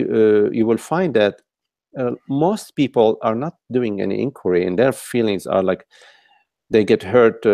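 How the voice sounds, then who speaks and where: Man, spiritual teacher, gravelly, mellow, repeats himself while thinking, dry sound, online call. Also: fairly low pitch, dry recording. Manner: searching, repeats and restarts phrases. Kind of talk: contemplative dialogue over a call.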